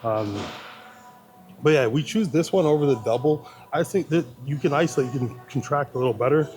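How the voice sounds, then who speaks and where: A man's voice: a little high, a little fast, a little mellow, low-quality recording. Rambling man over gym music. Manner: loose, rambling explanations with fillers. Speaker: fitness vlogger. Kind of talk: casual gym vlog talk. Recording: background music.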